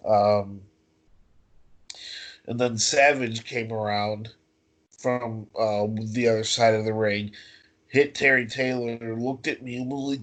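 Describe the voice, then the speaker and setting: Guy taking his time telling stories on a video call, lots of ums. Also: fairly low pitch. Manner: slow, storytelling, with fillers. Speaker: professional wrestler. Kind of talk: casual interview.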